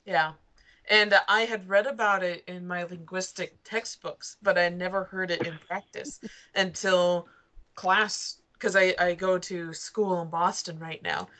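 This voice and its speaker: A woman's voice: lowish voice, steady tone, measured pace, bright, forceful tone. A young woman, a student, chatting casually and telling anecdotes with laughs. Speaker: student guest. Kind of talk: casual chat.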